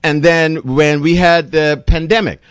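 A man's voice: measured pace, clean tone, dry recording, clean studio sound. A doctor and show host, a man, giving an impassioned, rambling monologue. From Bermuda. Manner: impassioned, rambling, pitch swinging widely. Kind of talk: opinionated monologue.

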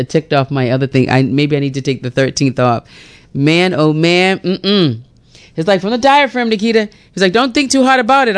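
A woman's voice: on the low side, clean tone. A woman morning radio host chatting casually on air and often laughing at herself.

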